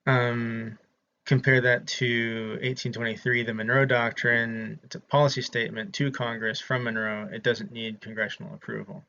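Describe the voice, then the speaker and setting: A man's voice: mid-range voice, level tone, normal speed, creaky, bright, forceful tone. A man from the American South, giving a casual, chatty history lecture to his students with frequent ums. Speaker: instructor. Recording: slightly dull lo-fi audio with faint noise.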